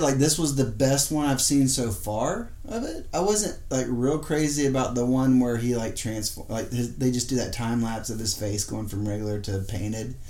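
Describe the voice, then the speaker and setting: Easygoing male co-host, casual rambling chat, middle pitch, echoey room. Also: a little mellow. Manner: laid-back, joking, rambling. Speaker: podcast co-host. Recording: roomy echo.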